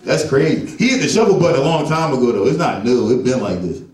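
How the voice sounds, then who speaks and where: A man's voice: mid-range voice, expressive, quick pace, darkish tone. A man doing a stand-up set, slangy and profane, firing off rhetorical questions. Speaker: stand-up comedian, headliner. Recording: echoey club from far off, crowd audible.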